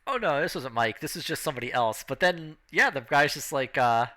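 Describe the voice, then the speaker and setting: A man's voice: a little high, expressive, fairly quick, sharp tone. A man narrating a tabletop role-playing game as game master, laid back and full of fillers and chuckles.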